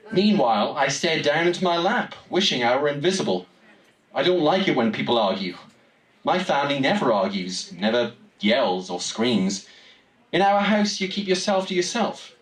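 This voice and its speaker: A young man from Newcastle with a Geordie accent, telling a wry, comic story live on stage in a small venue. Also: on the high side. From Newcastle, England. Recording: roomy room, distant mic, audience.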